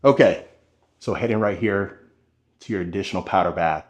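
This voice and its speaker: Man, lowish voice, upbeat home tour host talking straight to viewers while filming on the move. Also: a little fast, highs cut off. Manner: upbeat, enthusiastic, addresses viewers directly. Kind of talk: narrated home tour vlog.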